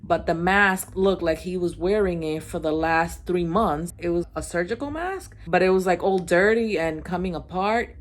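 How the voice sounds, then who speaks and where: A woman vlogger telling a storytime, ranting in an animated, exasperated way. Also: fairly low pitch, a little hiss or hum. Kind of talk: storytime vlog.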